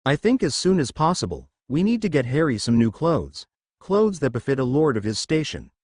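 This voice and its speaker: A man's voice: medium pitch, big pitch swings, normal speed, darkish tone, no room sound, studio quality. A man voicing Narcissa, a prim, caring, refined witch, in a storybook reading.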